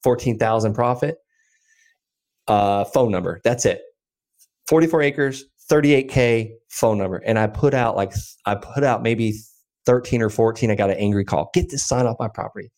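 A man in his thirties, a podcast guest, telling a story in a casual, animated way with many fillers. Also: lowish voice, moderate pace. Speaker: podcast guest, land investor.

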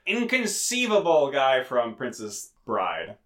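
A man co-hosting a podcast, casually recapping a movie plot with quick asides. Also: medium pitch, huge pitch swings, fairly bright tone. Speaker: podcast co-host.

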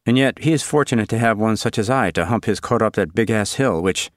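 A man's voice: lowish voice, brisk, no room sound, clean studio sound, close to an everyday voice. Man doing a pompous boy hero. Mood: lofty. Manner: grandiose, lofty, deadpan.

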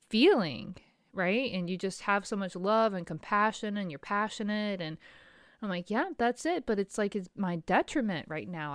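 A woman's voice: medium pitch, clear, resonant tone, dry recording, clean studio sound. Rambling, emotional woman talking to camera. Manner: rambling, emotional and self-deprecating, with frequent fillers and laughs. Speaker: small business owner. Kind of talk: candid personal vlog monologue.

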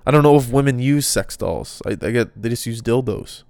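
A man's voice: mid-range voice, animated, normal speed, gravelly, a little mellow, no echo, studio quality. A man hosting a casual solo podcast, rambling through off-the-cuff thoughts. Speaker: podcast host.

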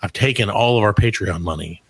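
A man's voice: lowish voice, fairly quick, slightly rough, no echo. A man co-hosting a podcast, chatting casually and swearing freely as he tells stories. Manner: animated, profane storytelling. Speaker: podcast co-host. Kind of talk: casual chat.

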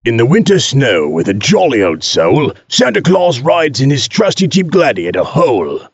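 Guy putting on a gravelly husky voice, sing-songy rhyme reciter, lo-fi sound. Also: mid-range voice, huge pitch swings, moderate pace, no echo, heavily acted. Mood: jolly. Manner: sing-song rhyming recital. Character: male voice character reciting a Christmas poem. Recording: dull lo-fi sound.

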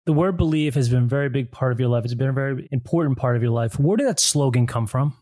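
A man's voice: medium pitch, fast talker, warm tone, no echo, clean studio sound. A male podcast host interviewing a guest, getting emotional and choked up as he asks his questions. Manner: emotional, choked up while asking.

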